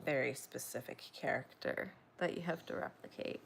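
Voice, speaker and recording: A woman's voice: rumbling low, moderate pace, gravelly, breathy edge. Sleepy woman chatting on a livestream. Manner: sleepy, rambling, reads viewer comments aloud. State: tired and yawning. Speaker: crochet livestream host. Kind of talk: casual livestream chat.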